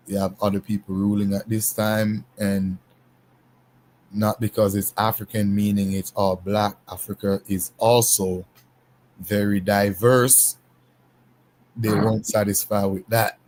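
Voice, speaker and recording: A man hosting a casual panel discussion, talking in an unhurried, emphatic way with frequent restarts. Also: lowish voice, level tone, darkish tone. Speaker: panel host.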